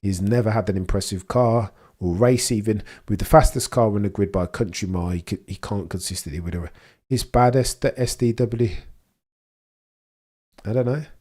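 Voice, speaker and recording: A man's voice: on the low side, moderate pace, darkish tone. A young man hosting a live watchalong, talking in a rambling, opinionated way and often restarting his sentences. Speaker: livestream host. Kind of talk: casual live commentary.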